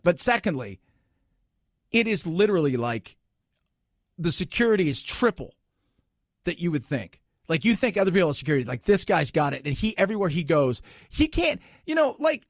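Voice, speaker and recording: A man hosting a talk radio show, riffing in a jokey, animated way and laughing loudly. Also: on the high side, no room sound, clean studio sound. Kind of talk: casual talk radio banter.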